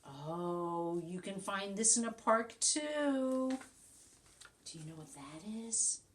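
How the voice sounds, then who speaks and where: Woman teacher, storybook read-aloud, animated, coaxing, questions for little kids, mid-pitched voice. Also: takes it slowly, a little hiss or hum. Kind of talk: reading a picture book aloud to young children.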